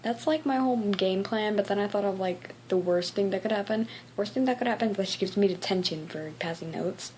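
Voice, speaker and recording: A woman's voice: medium pitch, fairly quick, few pauses, darkish tone, a little hiss or hum. Chatty teen girl ranting about school. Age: teens. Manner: chatty, frequent "like" fillers, acts out quotes. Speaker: vlogger. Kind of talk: casual vlog rant.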